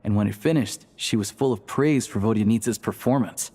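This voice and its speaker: Calm secret-society agent. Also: male voice, on the low side, husky. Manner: calm, measured, explanatory. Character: calm, discreet young man of a secret society.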